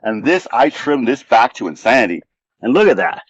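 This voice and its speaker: This garden vlog host is very animated, speaking at normal speed in a mid-range voice while he rambles casually through an outdoor desert garden. The audio is dull, lo-fi, and dry.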